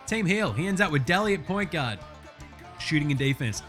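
An Australian man hosting a casual sports chat, excitable and full of profane, matey banter. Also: a little high, moderate pace, soft background music. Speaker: sports show host.

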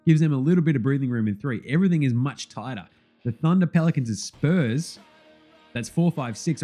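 A man hosting a casual basketball recap, sweary and jokey as he rattles off scores. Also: a little high. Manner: sweary, animated, jokey banter. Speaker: basketball podcast host.

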